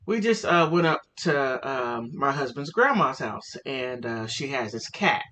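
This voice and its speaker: Animated woman telling a funny story. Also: rumbling low, unhurried, slight background noise. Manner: animated, laughing, chatty with fillers. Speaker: vlogger. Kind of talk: casual comic storytelling.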